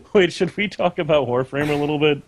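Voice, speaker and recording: A man's voice: on the high side, slight background noise. A man co-hosting a gaming podcast in casual chat, laid-back and self-deprecating, laughing often. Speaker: podcast co-host.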